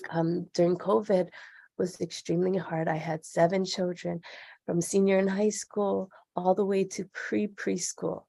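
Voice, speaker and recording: A woman's voice: lowish voice, level tone, unhurried, creaky, mellow, no room sound, studio quality. A middle-aged woman speaking as a podcast guest, earnest and reflective as she talks openly. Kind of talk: candid interview conversation.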